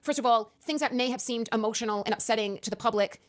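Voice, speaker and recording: A woman answering interview questions in an emphatic, animated way, often stammering and restarting. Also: fairly high pitch, quick pace. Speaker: interview guest.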